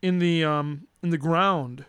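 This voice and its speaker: A middle-aged man telling a long road-trip story in casual chat, rambling and animated with restarts. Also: on the high side, slow, clean tone, no echo.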